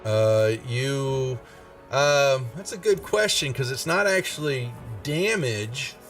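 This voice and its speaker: A man's voice: medium pitch, animated, takes it slowly, fairly bright tone, far from the mic, soft background music. A man narrating as game master of a tabletop game, thinking aloud and stopping to check rules as he goes.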